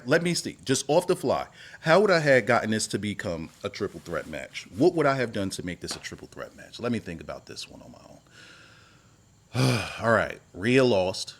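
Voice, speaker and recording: A man, a wrestling YouTuber, giving casual opinion commentary in a rambling, animated way that repeats itself. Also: lowish voice, normal speed. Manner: rambling, animated, repeats himself, voice jumps up when worked up.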